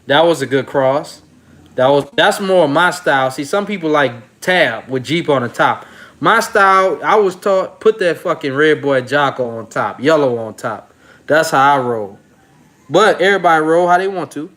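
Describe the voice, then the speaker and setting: A man hosting a dog-breeding video channel, speaking in a loose, slangy, rambling way. His voice sits a little higher than most men's. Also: expressive, normal speed, a bit bright. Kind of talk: casual vlog commentary.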